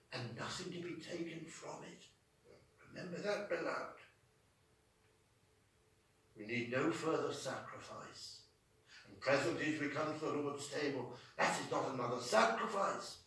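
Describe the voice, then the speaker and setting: A man's voice: on the high side, lively intonation, unhurried, pauses often, pushed and bright. A man preaching a sermon in a chapel, fervent and drawn out in his emphasis. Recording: echoey chapel from far off.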